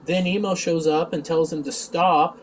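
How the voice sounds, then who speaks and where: A man's voice: a little high, fairly even intonation, normal speed. A man reviewing a TV episode in a rambling, sarcastic casual recap, recorded on a distant mic with faint background noise.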